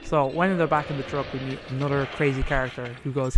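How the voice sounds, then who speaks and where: A man's voice: mid-range voice, quick pace, hardly any pauses, noisy background. A man co-hosting a podcast, retelling a story casually and acting out quoted lines along the way. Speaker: podcast co-host. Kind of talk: casual chat recapping a story.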